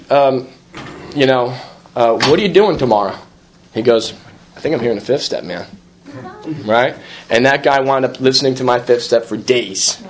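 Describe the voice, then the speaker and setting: A man sharing a rambling personal recovery story, full of fillers, restarts and quoted dialogue. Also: medium pitch. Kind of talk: personal testimony at a recovery meeting.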